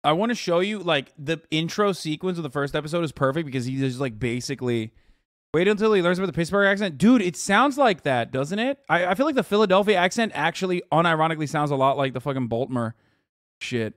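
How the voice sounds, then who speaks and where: A man hosting a reaction stream, chatting casually in an excitable, profane, rambling way. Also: fairly high pitch, fast, no room sound, studio quality. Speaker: streamer host.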